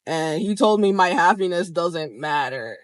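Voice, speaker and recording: Animated vlogger telling a story, dry sound. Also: medium pitch, measured pace, no echo. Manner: animated and expressive, with frequent swearing. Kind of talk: casual storytelling to camera. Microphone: camera framed close to the speaker.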